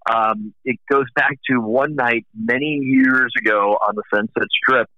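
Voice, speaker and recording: A man's voice: medium pitch, big pitch swings, a little slow, pushed and bright, no room sound. A middle-aged man in casual conversation about the music business, telling long rambling anecdotes. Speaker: music industry guest. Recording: dull dry lo-fi recording.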